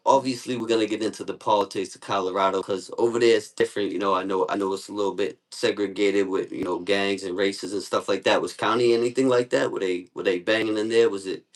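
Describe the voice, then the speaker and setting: A man's voice: on the low side, fairly even intonation, fast talker, hardly any pauses. A man hosting a podcast, asking questions in easygoing street slang. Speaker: podcast host. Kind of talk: casual interview chat.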